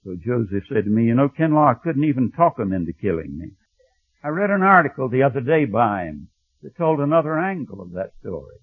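A man preaching a sermon, telling a story and dropping to a hushed, low voice when he quotes. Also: sing-song, fairly quick, slightly rough, no room sound. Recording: thin phone-like audio, dry.

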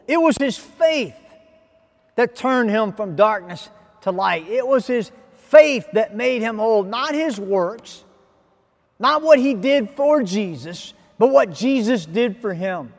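A man with a high voice delivers an impassioned sermon at an unhurried pace. His words swell to loud, urgent peaks and then sink into quiet, trailing endings. A long hall reverb rings behind everything he says. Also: lively intonation. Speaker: preacher.

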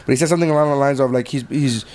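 A man's voice: mid-range voice, rapid-fire, a little mellow. A man in his thirties, a podcast host, chatting casually and rambling through stories, acting out what others said. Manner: rambling storyteller, quotes people in voices. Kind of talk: casual chat.

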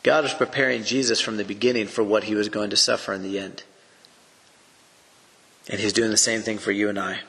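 A man's voice: lowish voice, fairly even intonation, brisk, creaky, long pauses, a bit bright, in a large hall. A man teaching through a Bible passage on a podcast. He speaks earnestly in a preacherly way and poses rhetorical questions.

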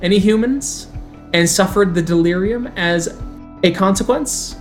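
A player puts on a legendary werewolf king with an Irish accent, commanding and loud. He lays out each point slowly and emphatically, as if addressing a council, while faint music plays underneath. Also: mid-range voice, pitched above the performer's own voice, lightly acted. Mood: impassioned. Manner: loud, declamatory, slow emphatic phrasing. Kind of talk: in-character roleplay speech.

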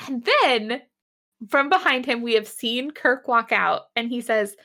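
A woman's voice: on the high side, a little slow, bright, forceful tone. A woman casually recapping a TV episode as a podcast co-host, telling it animatedly with acted quotes.

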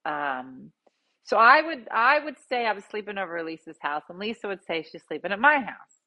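A woman host casually telling a funny story, jumping into loud quoted voices. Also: medium pitch, sing-song, brisk. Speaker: podcast host.

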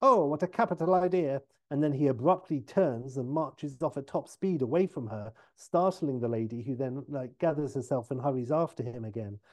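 A man casually retelling a TV episode idea in a loose, rambling storytelling pitch. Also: warm tone. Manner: loose, filler-heavy retelling. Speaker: podcast host pitching a TV episode.

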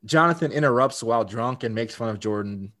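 A man's voice: mid-range voice, fairly quick, a bit bright. A man talking through a TV episode on a podcast in an easy, conversational way. He laughs often and trips over himself, repeating words as he goes. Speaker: podcast co-host. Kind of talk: casual TV episode recap.

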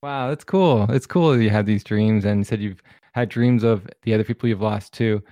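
A man's voice: on the low side, normal speed, dark tone, no room sound. A man hosting a podcast who encourages and thanks his guest as he leads the talk. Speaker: podcast host. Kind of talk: casual interview chat.

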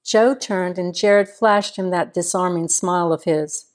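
A woman narrating a small-town crime novel in a measured storytelling manner. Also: on the low side, fairly even intonation. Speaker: audiobook narrator. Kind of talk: scripted narration.

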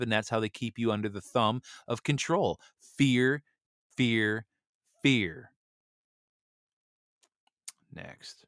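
Male show host with a low voice who reads headlines and rants at them, sarcastic and indignant, full of fillers, recorded dry. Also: a bit bright, no echo. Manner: indignant, sarcastic, many "you know" fillers. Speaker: host of a news commentary show. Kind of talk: reading and ranting about headlines.

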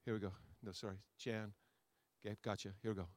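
A man, a pastor, preaching a sermon to his congregation, with a repetitive, rousing cadence that swings between loud soaring lines and quiet asides. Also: fairly low pitch, little pitch movement, quick pace, no echo. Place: church sanctuary before a congregation.

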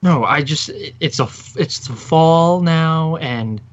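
A man's voice: fairly high pitch, takes it slowly, lo-fi sound. A man playing a tabletop game in character as a vain, self-important hero. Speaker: player.

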